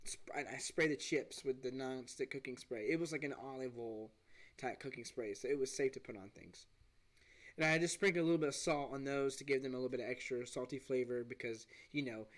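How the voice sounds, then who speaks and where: A man hosting a podcast, telling a story in an animated, rambling way with many restarts. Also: mid-range voice. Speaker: podcast host. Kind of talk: casual storytelling.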